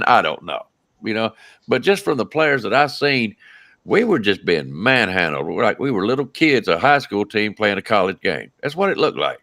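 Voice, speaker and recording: A man's voice: mid-range voice, pushed and bright. A man, hosting a casual sports talk show and speaking earnestly.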